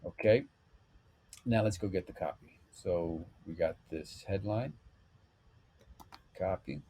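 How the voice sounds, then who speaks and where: A man hosting a screen-recorded web design tutorial, calmly talking through each step with frequent fillers. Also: deep voice, slow. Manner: relaxed step-by-step talk with fillers. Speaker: web developer tutorial host.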